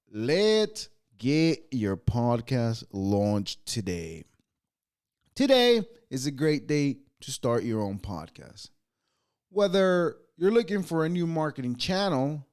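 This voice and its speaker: A man with a mid-range, darkish voice hosts a solo podcast, reading ad and holiday copy aloud. He stumbles over words, laughs at himself and swears offhandedly.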